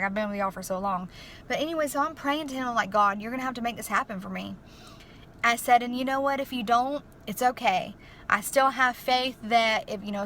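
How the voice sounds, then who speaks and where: Young woman, emotional chatty vlogger, higher bright voice, faint hiss. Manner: chatty, emotional, lots of fillers. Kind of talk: casual testimony vlog. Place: inside a car.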